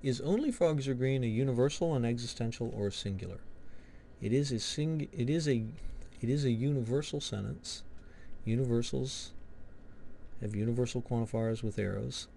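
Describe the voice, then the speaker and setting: A man's voice: mid-range voice, moderate pace, vocal fry, dark tone. Man, logic instructor, mid-range voice, recorded lecture walkthrough, asks and answers own questions, faint background noise.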